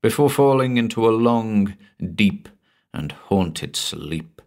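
A man reading a scripted horror story aloud in a measured, dramatic way, dropping to a hush at the ends of phrases. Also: lowish voice, animated. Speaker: narrator.

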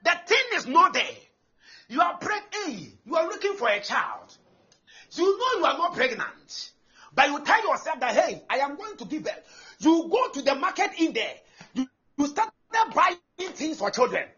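A man, preaching an animated sermon that breaks into shouting and laughter. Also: very high-pitched, moderate pace. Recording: dull lo-fi live recording with faint noise.

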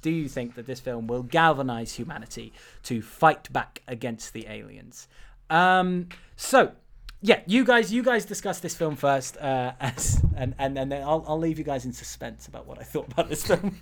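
A man hosting a casual film podcast, animated and stumbling over his words, swearing often. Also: medium pitch, normal speed. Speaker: podcast host.

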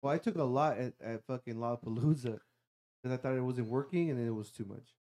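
A man's voice: mid-range voice, quick pace, dark tone. A young man chatting casually, loose and profane, jumping into the talk. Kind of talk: casual chat.

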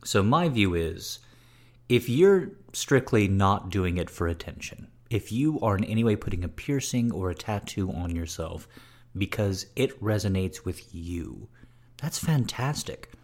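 Deep-voiced playful male podcast host. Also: lively intonation, unhurried. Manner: wry, playful and flirty. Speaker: podcast host answering listener questions. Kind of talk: casual chat.

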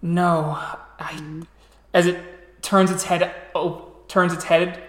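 A man narrating a tabletop game as storyteller, describing scenes slowly and restarting phrases as he goes. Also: fairly high pitch, little pitch movement, fairly bright tone, reverberant, slight background noise.

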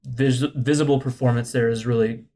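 Expressive man reacting on a podcast. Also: mid-range voice, brisk. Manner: expressive, acts out his own reactions, many restarts. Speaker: podcast co-host or guest. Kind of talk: casual podcast film discussion.

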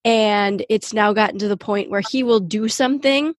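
Woman co-host chatting casually, laughs a lot, mid pitch. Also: normal speed, no room sound, clean studio sound. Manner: laughs often while talking. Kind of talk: casual chat.

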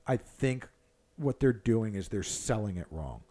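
A man co-hosting a casual sports chat, an animated, profane coach who rants. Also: lowish voice, a little slow. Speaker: podcast co-host, hockey coach.

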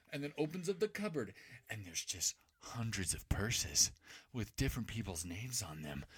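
A man's voice: mid-range voice, pushed and bright, slightly rough. A man co-hosting a casual podcast, recapping a movie plot in a rambling, profane way. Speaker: podcast co-host.

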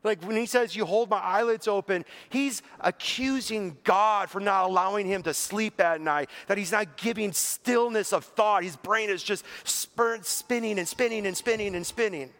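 A man's voice: moderate pace, hardly any pauses. A man preaching in a conversational, earnest way, leaning on "like" as a filler and paraphrasing a psalm aloud. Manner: conversational, earnest, heavy use of "like"; voice drops low and soft toward the end. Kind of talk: sermon.

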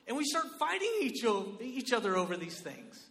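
A man preaching a sermon in an animated, conversational way, often checking in with his listeners. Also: very high-pitched, normal speed, hardly any pauses, in a large hall. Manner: animated, conversational, lots of "right?" and "like".

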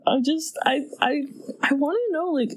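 A woman in casual conversation, retelling a film's scenes with lively bursts of character voices. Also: high-pitched, moderate pace, low-quality recording. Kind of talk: casual movie chat.

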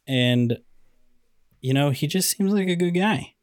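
A man's voice: on the high side, lively intonation, a little slow, no room sound, studio quality. A man co-hosting a podcast in casual chat, jokey and playful, steering the talk with questions. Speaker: podcast co-host.

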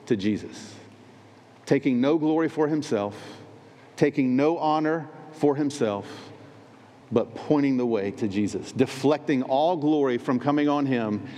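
Emphatic preacher in an echoing hall. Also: male voice, medium pitch, a little mellow. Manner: emphatic, repeating phrases in threes. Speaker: pastor. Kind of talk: sermon. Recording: long reverb in a large hall.

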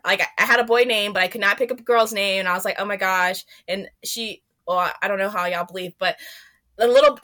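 A woman guest in an interview, telling a personal story in an animated way and acting out what she said back then. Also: mid-range voice. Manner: animated, reenacts her own past remarks in a raised voice.

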